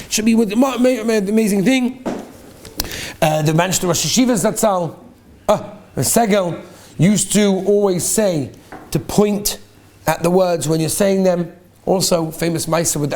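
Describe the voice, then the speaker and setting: A man, a rabbi, teaching a class on prayer, animated and acting out little scenes, often repeating a word as he restarts. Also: a little high. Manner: animated, acts out little scenes, repeats words when starting over.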